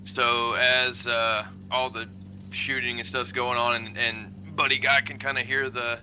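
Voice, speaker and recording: A man playing a tabletop war game, narrating his character's driving in a fast, excitable way and swearing casually over an online call. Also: mid-range voice, a little hiss or hum. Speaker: player.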